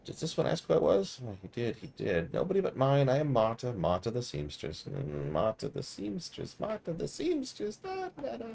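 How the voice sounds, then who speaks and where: A man's voice: mid-range voice, wildly swooping pitch, normal speed, gravelly, few pauses, darkish tone, voice pushed up, full character voice. A man voicing a batty old female seamstress who strips corpses, crooning and repeating her words in a sing-song way. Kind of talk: reading game dialogue aloud.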